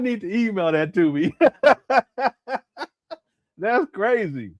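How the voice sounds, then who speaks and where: A man's voice: sits high, expressive, slow, pauses often, dry recording, highs cut off. A man commenting casually on a live stream, laughing often and mocking what he plays.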